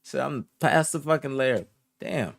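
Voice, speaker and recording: A soft-spoken young man chatting casually on a live stream, answering his chat in a laid-back way, dropping to low murmurs and rising to higher protests, often repeating himself. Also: measured pace, creaky, no room sound. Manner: drifts between low murmurs and higher indignant outbursts. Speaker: streamer reporting esports news.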